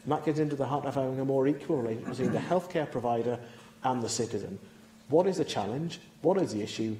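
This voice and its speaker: A male cabinet secretary gives an earnest, explanatory answer and often poses rhetorical questions. His voice is mellow, and he speaks quickly. The recording is roomy and echoey, with a faint hum underneath. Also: mid-range voice. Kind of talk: parliamentary answer. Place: debating chamber.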